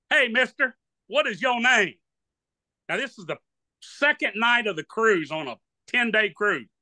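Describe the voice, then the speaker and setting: An older, hard-of-hearing man with a Louisiana Southern accent works as a duck hunting guide and speaks in a high, sharp voice on a dry recording. In an interview he tells rambling, folksy stories, acting out the voices of the people in them.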